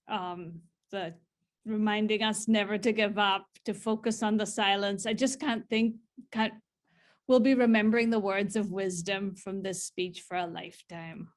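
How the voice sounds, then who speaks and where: A woman hosting a graduation ceremony, introducing speakers with some halting fillers. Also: medium pitch. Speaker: ceremony host.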